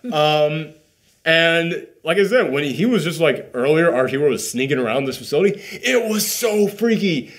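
A man's voice: a little high, normal speed. A man hosting a casual spoiler review, telling the plot with lots of "like" and acted-out bits. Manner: animated storytelling, many "like" fillers. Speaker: movie reviewer host.

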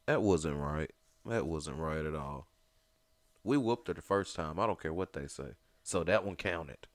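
A man's voice: rumbling low, expressive, a little slow, no echo. A man hosting a gaming channel, giving casual, slangy let's-play commentary. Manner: laid-back, slangy reactions.

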